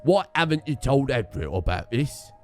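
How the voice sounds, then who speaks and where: A British man streaming a game, full of sarcastic asides and casual swearing. His pitch jumps all over the place while he rants, over faint game music. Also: big pitch swings, normal speed, darkish tone. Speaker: gaming streamer. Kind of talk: casual let's-play commentary.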